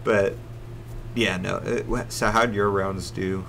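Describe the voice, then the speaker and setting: A laid-back man co-hosting a casual podcast. His voice is very low and gravelly, and he talks in a halting, tired way. Faint noise hums in the background. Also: steady tone, fairly bright tone. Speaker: podcast co-host. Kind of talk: casual chat.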